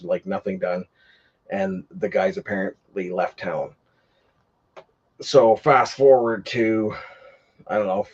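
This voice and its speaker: Husky low-voiced man telling a story. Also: darkish tone, dull audio. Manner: rambling, many fillers, gets heated retelling. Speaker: livestream host. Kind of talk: casual storytelling chat.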